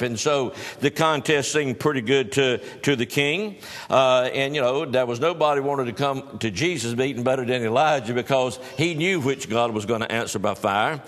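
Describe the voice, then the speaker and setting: A man's voice: mid-range voice, normal speed, fairly bright tone, long reverb tail. A male pastor preaching a sermon in a folksy storytelling manner, with teasing humor.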